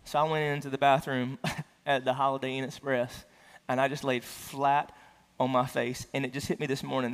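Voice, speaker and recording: A man's voice: medium pitch, fairly bright tone. A man preaching a sermon as a pastor, telling a personal story in a casual, self-deprecating way in front of his church. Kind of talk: conversational sermon. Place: church sanctuary. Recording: long hall reverb.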